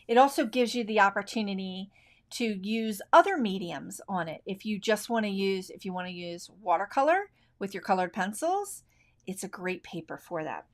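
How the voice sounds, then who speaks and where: A middle-aged woman teaching colored pencil technique on a live stream, talking in a relaxed, chatty way and thinking aloud as she works. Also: medium pitch, moderate pace. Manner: left-handed. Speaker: art instructor.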